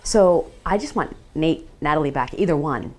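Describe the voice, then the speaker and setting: A middle-aged woman speaking as a parent in a radio documentary interview, reflective and halting as she searches for words. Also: sits low, lively intonation, a little mellow, faint music behind. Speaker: parent of a transgender teen.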